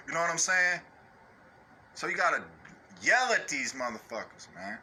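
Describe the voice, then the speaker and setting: A man ranting off the cuff in a blunt, cursing way, always checking in with his listeners. His voice sits a little high and carries a very bright, forceful edge. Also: very animated, normal speed, pauses often. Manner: blunt, profane, repeats "you know what I'm saying"; mocks others in high put-on voices. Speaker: online ranter. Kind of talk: unscripted rant.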